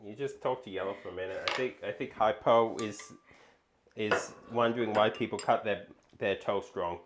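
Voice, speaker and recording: A woman's voice: rumbling low, normal speed, noisy background. A woman co-hosting a casual cooking stream, talking hesitantly with fillers and restarts. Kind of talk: casual chat.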